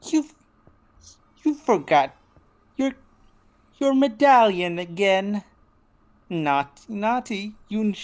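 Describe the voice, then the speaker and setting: A game master voicing a cheery, doting female cartoon doll with a high, sing-song, fussing voice. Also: darkish tone. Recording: faint background noise.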